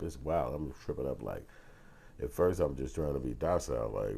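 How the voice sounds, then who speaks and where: A man's voice: rumbling low, brisk, mellow, breathy edge. A man telling a personal story on his vlog, casual and profane, acting out heated arguments in other voices. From Chicago. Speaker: vlogger and filmmaker.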